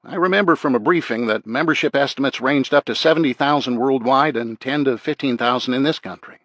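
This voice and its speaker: A man voicing a blunt, gruff male sheriff in an audiobook. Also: medium pitch, fairly quick, fairly bright tone, dry recording, highs cut off, voice pushed up, close to an everyday voice.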